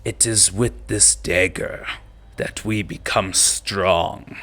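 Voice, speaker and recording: A man doing a booming ogre-like goblin king. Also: exaggerated voice. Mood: rallying. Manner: slow, loud, declaiming speech. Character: huge ogre-like goblin king, horned, grandiose.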